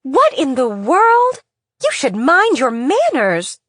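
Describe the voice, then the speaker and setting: A woman voicing an irritable middle-aged mother who scolds loudly and sharply in an audiobook. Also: high-pitched, sing-song, measured pace, no room sound, studio quality, pitched above the performer's own voice, exaggerated voice. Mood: scolding.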